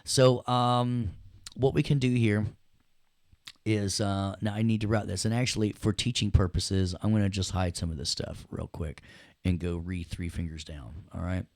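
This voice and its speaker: A deep, gravelly man walks students through audio software in a loose, chatty lesson. He jokes and checks in with the class as he goes. The sound is dry and close. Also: fairly even intonation, moderate pace, no echo. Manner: chatty, jokey, addresses students directly. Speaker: audio production instructor. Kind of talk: casual screen-share software lesson.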